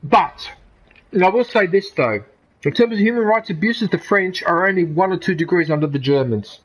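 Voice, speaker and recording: A middle-aged man with an Australian accent talks in a fairly high voice, rambling from one opinion to the next. He is a gaming streamer chatting casually over gameplay. He swears freely as he goes. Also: lively intonation, normal speed, poor audio.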